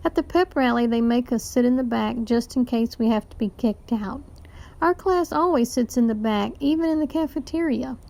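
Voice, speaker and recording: A woman teacher reading a children's novel aloud to a class, with lively storytelling narration. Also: a little high, normal speed, gravelly.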